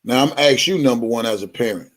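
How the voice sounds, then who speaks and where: A man's voice: medium pitch, quick pace. A man hosting a live stream, talking bluntly to his viewers and swearing heavily. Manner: addresses viewers directly. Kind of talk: profane live-stream rant.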